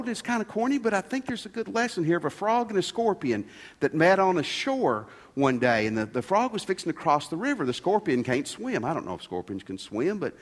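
A man preaching a sermon in a folksy, conversational way, asking his congregation rhetorical questions. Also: fairly high pitch. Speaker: pastor. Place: church sanctuary. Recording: long hall reverb.

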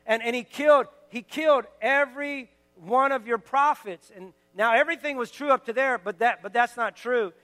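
Pastor, male, very high and bright, earnest exhorting sermon delivery, long hall reverb from the church sanctuary. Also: moderate pace, hardly any pauses. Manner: earnest, exhorting, building to emphatic declarations.

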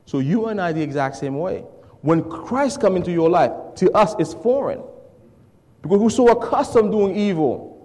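A high-voiced, very animated male preacher leads a call-and-response sermon. He throws questions to the congregation and lets them fill in the words. His voice drops soft and then climbs to shouts, with a long reverb trailing behind it in a church hall. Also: normal speed.

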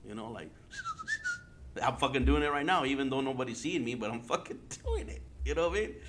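A man's voice: mid-range voice, expressive, brisk, noisy background. A man from Arizona hosting his own podcast in casual solo talk, rambling, heavily profane and joking at himself, with Spanish slang dropped in. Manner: loose, joking and laughing at himself. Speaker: podcast host.

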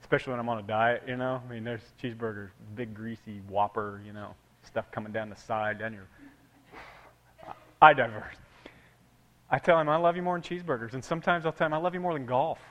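A man's voice: medium pitch, fairly quick. Man preaching in a reverberant hall. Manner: conversational preaching with swings from loud to hushed. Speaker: pastor. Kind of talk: sermon.

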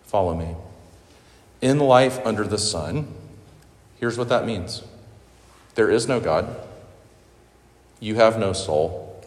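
A man preaching a sermon, earnest and emotional, halting with fillers. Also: lowish voice, expressive. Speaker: pastor. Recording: echoey hall with long reverb.

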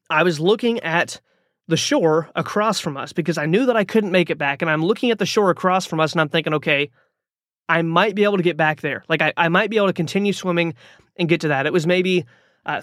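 A man's voice: a little high, brisk, a bit bright, no room sound, studio quality. A man hosting a podcast, telling a personal story in a motivational monologue, talking casually with lots of fillers and restarts. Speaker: podcast host.

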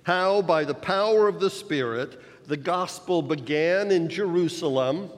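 A man preaching a sermon, explaining scripture in a measured way with rhetorical emphasis. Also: on the high side. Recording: long reverb of a large hall.

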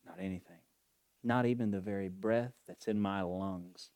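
A male preacher with a fairly low voice delivers a fervent, heartfelt sermon. He stretches his phrases and lingers on them. The recording is dry and close. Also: steady tone, a little mellow, no room sound. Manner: fervent, emotional, drawn-out preaching.

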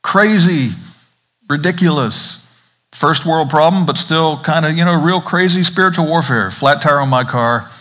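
A man's voice: on the high side, unhurried, a bit bright. A man from the American South with a Southern accent, a pastor preaching an Advent sermon in a conversational way, asking the congregation questions.

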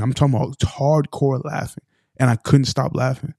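A man's voice: medium pitch, little pitch movement, moderate pace, vocal fry, darkish tone, dry recording, clean studio sound. A man in his twenties telling a personal story in a casual, rambling way, full of fillers. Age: 20s. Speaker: podcast co-host. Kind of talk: casual testimony.

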